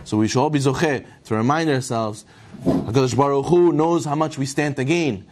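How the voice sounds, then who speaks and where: A man giving a Torah class who tells a parable in an animated way and closes with Hebrew phrases. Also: medium pitch, moderate pace. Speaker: Torah teacher.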